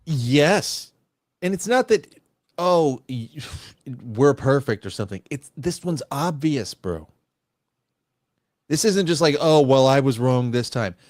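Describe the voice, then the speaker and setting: A man on a casual livestream chat, animated and profane, mocking others with mimicked quotes. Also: medium pitch, slow, dry recording, studio quality.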